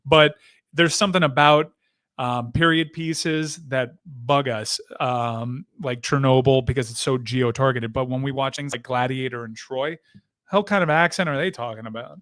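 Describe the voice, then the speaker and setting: A man co-hosting a casual sports podcast, tossing in wry, deadpan quips. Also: medium pitch, normal speed, dry recording. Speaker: podcast co-host.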